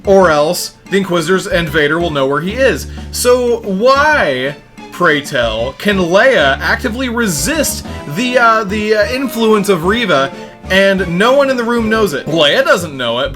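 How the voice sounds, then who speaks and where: A man's voice: high voice, big pitch swings, unhurried. A young man giving a sarcastic, exasperated review rant in a home recording. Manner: sarcastic, exasperated, mock-dramatic grieving bit. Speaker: YouTube reviewer. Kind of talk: ranting review monologue. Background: faint music.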